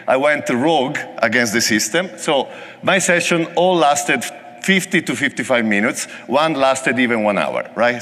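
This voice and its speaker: An Italian-accented man gives a technical talk in a large conference hall, and his voice carries a long, echoing reverb. He speaks with a bright, forward tone and keeps things casual and joking. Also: medium pitch. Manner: joking, conversational. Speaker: conference presenter.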